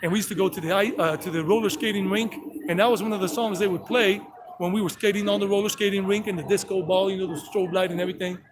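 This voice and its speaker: A man's voice: sits high, steady tone, quick pace. A man in his fifties from South Carolina, telling brash, rambling stories while leading a walking tour outdoors. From South Carolina, USA. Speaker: tour guide vlogger. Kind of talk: casual walking-tour chat. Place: outdoors on a city street. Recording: street noise behind.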